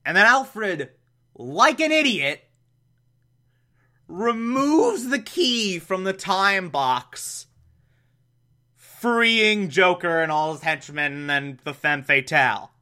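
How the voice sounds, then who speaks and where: A man's voice: high-pitched, expressive, takes it slowly, long pauses, bright, forceful tone. A man hosting a podcast, recapping an episode in a casual, chatty way, laughing often and adding mocking asides. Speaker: podcast host.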